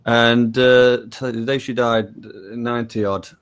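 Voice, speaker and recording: A man from the UK in casual chat, halting and repeating words, with casual swearing. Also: medium pitch, level tone, smooth. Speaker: conversation partner.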